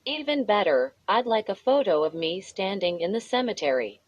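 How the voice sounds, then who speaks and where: A woman's voice: medium pitch, very animated, normal speed, dry recording, muffled recording. A woman reading as a bold, teasing boy. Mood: eager. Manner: taunting, eager.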